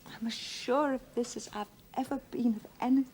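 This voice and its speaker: A devoted, intense lab technician, played by a woman, who speaks earnestly and urgently. Her voice sits fairly high. A faint hiss lies under the recording. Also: lively intonation, normal speed, close to an everyday voice. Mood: earnest hushed. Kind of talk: 1980s television drama.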